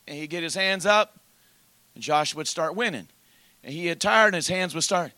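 Male preacher, sermon delivery, emphatic rhythmic cadence, sharp voice. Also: a little high, moderate pace, dry recording.

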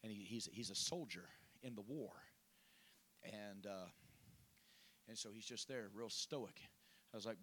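A pastor preaching a testimony, moving from chatty storytelling to loud, fervent prayer. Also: male voice, lowish voice, unhurried, long pauses. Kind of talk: sermon testimony.

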